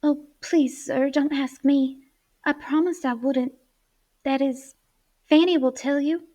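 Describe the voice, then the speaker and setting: A woman's voice: high-pitched, very animated, takes it slowly, a little mellow, no echo, voice pushed up, heavily acted. A woman reading aloud, voicing an earnest, anxious young girl who pleads in a raised voice. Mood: distressed.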